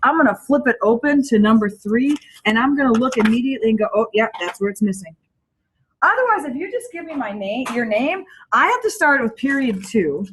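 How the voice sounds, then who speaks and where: A woman teaching a class, telling lively anecdotes and acting out the people in them. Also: high voice, a little fast, few pauses, slight background noise. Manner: animated, acts out anecdotes. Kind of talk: classroom lecture. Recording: echoey classroom from far off.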